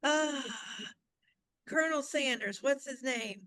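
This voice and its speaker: A woman from the American South giving blunt, animated opinions in a casual fan chat, dropping into whispered asides. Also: sits high, takes it slowly, no room sound, rough recording. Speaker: panelist.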